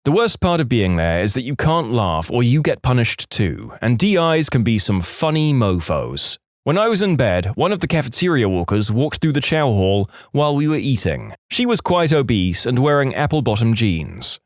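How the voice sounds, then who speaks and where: Male narrator, reddit story reading, matter-of-fact, animated pitch, dry recording. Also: moderate pace, hardly any pauses, dry recording.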